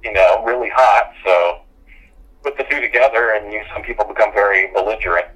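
A man in casual conversation telling stories of a past job, lively and quick to laugh, with frequent ums. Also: on the low side, breathy edge, low-quality recording. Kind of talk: casual chat.

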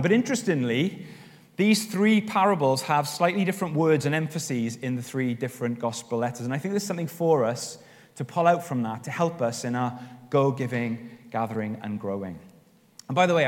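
A man preaching a sermon as pastor, telling stories with animated, rising emphasis. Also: mid-range voice. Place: church hall. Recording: long reverb of a church hall.

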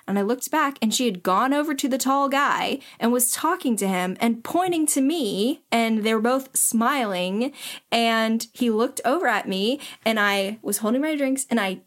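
A woman chatting casually with friends, telling an animated story and acting out the dialogue. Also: fairly high pitch, moderate pace.

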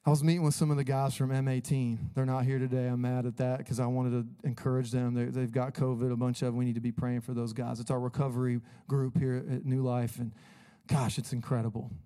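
A man's voice: medium pitch, level tone, fairly quick, dark tone, smooth. Earnest, casual-talking male pastor. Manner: casual, earnest, conversational preaching. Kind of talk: sermon.

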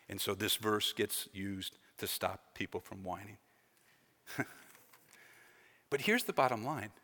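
This pastor's voice sits at medium pitch and sounds pushed and bright. He preaches emphatically, rising and falling and repeating key phrases, all echoing in a long hall reverb.

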